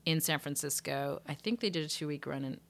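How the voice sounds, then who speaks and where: A woman's voice: low voice, fairly quick, vocal fry. A woman singer and musician talking as a guest in a casual interview, loose and chatty, with lots of "like" and restarts. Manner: chatty, loose, full of "like" and restarts, acts out phrasings.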